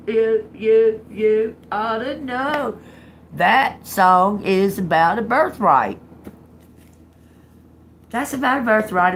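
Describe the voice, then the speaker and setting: A woman's voice: low voice, a little hiss or hum. A woman doing a live-stream tarot reading, talking casually and profanely, laughing often and trailing off into restarts. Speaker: tarot reader.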